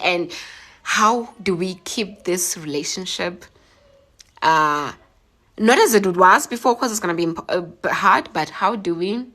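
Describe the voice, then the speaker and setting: A woman's voice: fairly low pitch, pushed and bright. A young woman, teary after crying, talking earnestly and emotionally on a phone live stream and answering comments. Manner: emotional, heartfelt, halting with fillers.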